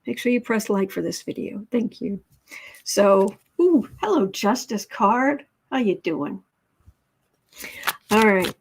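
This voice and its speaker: A woman talking through a livestream tarot reading, chatting with her viewers and reading their comments aloud. Her voice sits in a middle pitch, and her delivery is casual and chatty with dry, sarcastic asides. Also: expressive, slow, long pauses, breathy edge. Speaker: tarot reader host.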